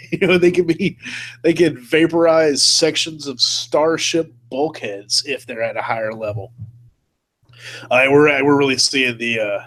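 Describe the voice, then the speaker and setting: A laid-back man hosts a casual live-stream chat, laughing often and tossing in "man" and "dude". His voice sits a little higher than most men's. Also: steady tone, a little slow, fairly bright tone. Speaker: host.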